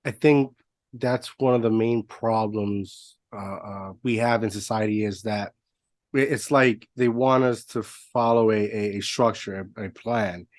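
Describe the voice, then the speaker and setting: A man's voice: lowish voice, fairly even intonation, unhurried, dry recording, studio quality. Stammering, enthusiastic male podcast host. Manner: enthusiastic, stammers and repeats words. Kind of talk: casual interview chat.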